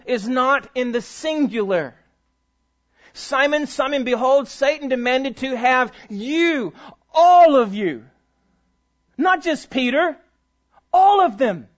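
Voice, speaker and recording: High-voiced preacher, emphatic and muffled. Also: male voice. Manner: emphatic preaching that swells to loud peaks and drops to near hushes; reads scripture aloud and speaks directly to the congregation. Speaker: pastor. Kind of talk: sermon. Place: church sanctuary before a congregation. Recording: dull, muffled recording.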